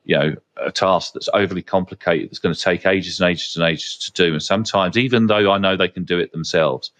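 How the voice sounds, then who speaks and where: A man's voice: sits low, a little fast, a bit bright. A man hosting a podcast, talking frankly in a casual chatty way with plenty of fillers and the odd swear word. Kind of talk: casual conversational anecdotes.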